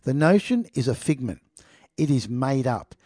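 A man's voice: medium pitch, sing-song, moderate pace, a little mellow, no room sound. Male commentator, indignant and mocking as he reads a story aloud and comments on it, dry recording with no room sound. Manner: indignant, mocking, keeps addressing listeners as "people". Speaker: online political commentator. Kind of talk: reading a news article aloud with running commentary.

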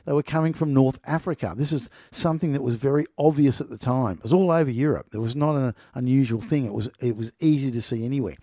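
A middle-aged podcast host with a medium-pitched, mellow voice is heard in a clean studio with no room sound. In a casual monologue he rambles through travel stories and reads from an article, often repeating "people" for emphasis.

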